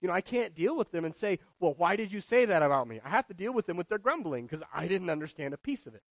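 Male pastor, high voice, lively preaching, rises and drops in volume, rhetorical questions. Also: fast, dry recording. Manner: animated preaching, shifting between loud and hushed. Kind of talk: sermon.

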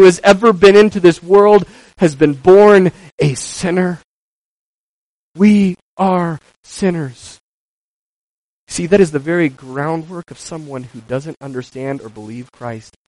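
A man preaching a sermon, moving between loud emphatic passages and quiet asides, acting out quoted voices. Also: slow, no echo, low-quality recording. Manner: acts out quoted voices with rising pitch.

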